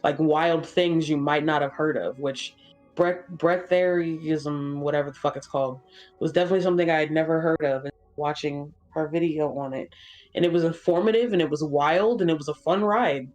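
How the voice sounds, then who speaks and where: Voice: mid-range voice, brisk, darkish tone, soft background music. A gaming channel co-host chatting casually during a playthrough, rambling with lots of fillers and swearing freely. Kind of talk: casual chat while streaming a game.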